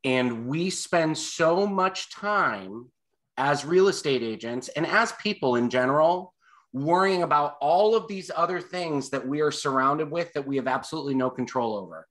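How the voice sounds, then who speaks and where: A man's voice: fairly high pitch, lively intonation, normal speed, a bit bright. A man co-hosting a real estate coaching class, talking casually to the group about mindset. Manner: casual, talks to the group as "you guys". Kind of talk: mastermind class discussion.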